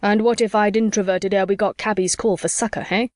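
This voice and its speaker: A woman's voice: medium pitch, fairly even intonation, brisk, darkish tone, no echo, lightly acted. Blustering stout soldier man, pompous and archaic, read by a woman, audiobook, dry sound. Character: blustering stout old-fashioned male soldier.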